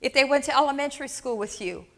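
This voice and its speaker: A woman from New Orleans delivers a motivational keynote with a bright, forceful voice pitched a little high. She keeps the room with her through lively storytelling and quick "right?" check-ins. Her voice rings out with the long reverb of a large hall. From New Orleans, USA. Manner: energetic storyteller, asks the audience, frequent "right?" and "okay?". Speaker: keynote speaker, dental practice coach.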